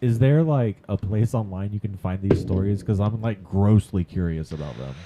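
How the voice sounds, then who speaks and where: A man's voice: lowish voice, moderate pace, background noise. A man co-hosting a casual podcast chat, laid-back with joking asides. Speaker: podcast co-host.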